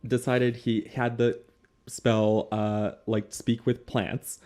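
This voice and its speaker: A man's voice: mid-range voice, level tone, slow, darkish tone. A Canadian man, the game master hosting the show, talking casually in a chatty, rambling way with frequent laughter. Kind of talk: casual chat.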